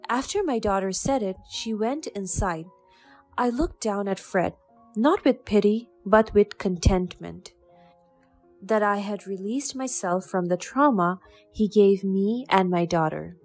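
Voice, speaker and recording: A woman narrating a first-person story in an even, measured way. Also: mid-range voice, faint music behind.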